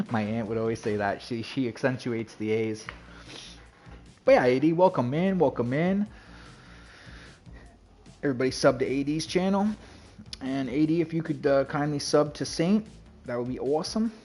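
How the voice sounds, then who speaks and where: Over soft background music, a man streaming a game rambles along in casual chat, greeting his viewers and peppering his talk with "like" and "you know." His medium-pitched voice is mellow, at a normal speed but with long pauses.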